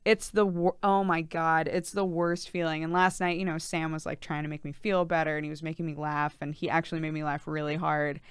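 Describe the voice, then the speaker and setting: A woman's voice: low voice, flat delivery, fairly quick, hardly any pauses, clean tone, no room sound. A young adult woman streamer chatting casually on a live stream, talking freely and breaking into laughter often, with plenty of fillers.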